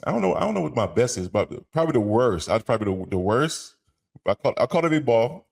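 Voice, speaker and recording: A man's voice: medium pitch, sing-song, fast, gravelly, a little mellow. Laid-back male podcast co-host. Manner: loose, repeats and restarts words. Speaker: podcast co-host, former NFL player. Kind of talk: casual sports podcast chat.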